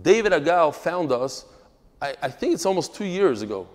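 A male rabbi gives a lively class, slipping from storytelling into textual explanation with emphatic asides. His voice sits somewhat high for a man, and a long reverb trails his words as though he is in a hall. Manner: animated, emphatic, with quick asides. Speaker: rabbi teaching a daily Talmud class.

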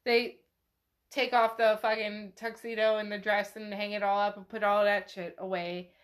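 A woman's voice: mid-range voice, little pitch movement, normal speed. A woman podcast host casually retelling a novel chapter, chatty and swearing freely as she narrates what the characters do. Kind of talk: casual book recap.

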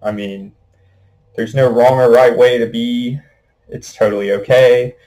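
A man's voice: mid-range voice, fairly even intonation, unhurried, dark tone, rough recording. Rambling young man, casual talk. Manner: rambling, many fillers. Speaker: podcast host. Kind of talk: casual monologue.

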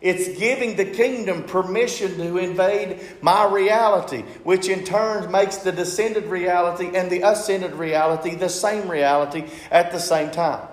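A man delivering a sermon in a roomy, echoing church space. His voice sits fairly high for a man. He keeps repeating his phrases and checking in with the listeners. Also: measured pace, few pauses. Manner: asks the congregation questions and repeats phrases. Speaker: preacher.

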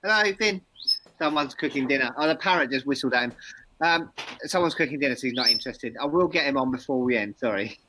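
A man's voice: medium pitch, quick pace, background noise. A man co-hosting a casual chat who teases his partner and explains dog behaviour patiently. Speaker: dog trainer co-host. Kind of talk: casual live-stream chat.

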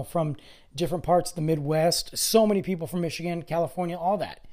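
Middle-aged guy rambling on his podcast, kinda hoarse, voice sits a bit high, chatty and offhand. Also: mellow. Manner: rambling, conversational, self-deprecating asides. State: voice going hoarse, clearing throat. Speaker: podcast host. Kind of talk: casual solo podcast monologue. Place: lives in the Dallas area, Texas.

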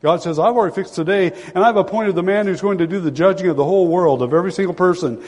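Older preacher in a reverberant sanctuary. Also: male voice, fast. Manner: dramatic, swings from loud pleading to hushed low tones. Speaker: pastor. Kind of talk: sermon. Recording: long hall reverb.

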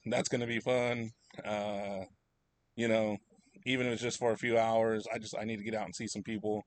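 A man's voice: on the low side, little pitch movement, normal speed. Young man rambling through a story. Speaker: podcast host. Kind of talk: casual podcast chat.

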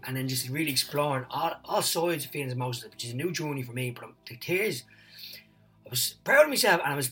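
A man, a guest on a chat podcast, telling stories in an excitable, rambling way and swearing freely. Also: medium pitch, distant mic, poor audio.

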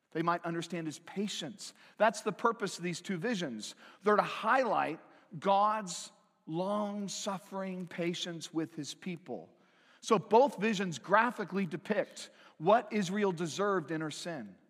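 A man preaching a sermon as a pastor, talking in a conversational way, often tagging lines with "right?" and slowing down to stress key phrases. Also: sits high, fairly bright tone, big-room sound.

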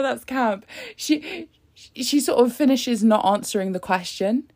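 A woman's voice: a little high, lively intonation, a little slow, darkish tone. A woman giving casual, sarcastic live commentary, laughing often and throwing in sassy asides. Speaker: live commentator on a press conference.

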